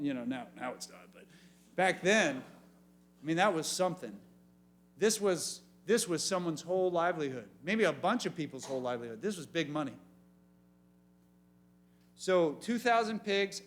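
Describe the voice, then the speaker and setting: A youth pastor telling a story with lots of energy and funny voices, and asking the room questions. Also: male voice, sits high. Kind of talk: youth sermon.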